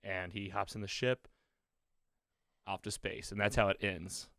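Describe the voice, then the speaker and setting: A man talks in a loose, rambling way, full of fillers, as he retells a story on a podcast. His voice sits on the low side. The sound is dry and close, with no room echo. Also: flat delivery, measured pace, gravelly, sharp tone. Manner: loose, rambling, with many fillers and quoted lines. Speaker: podcast co-host. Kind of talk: casual chat, retelling a TV episode. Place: podcast studio.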